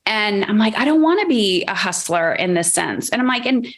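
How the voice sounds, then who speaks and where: A woman hosting a podcast interview, chatting casually and acting out her own inner voice with animated quotes. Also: mid-range voice, normal speed. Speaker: podcast host.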